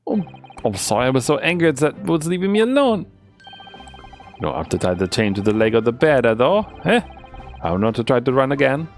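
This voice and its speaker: A shady, excitable male witness from a courtroom game speaks in a hammy put-on foreign accent, pitched well above a gravelly low voice, as a man puts him on. His lines swoop up and down, tagged with pleading little questions. Faint music plays behind. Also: brisk. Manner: theatrical, sing-song, pleading with 'eh?' tags.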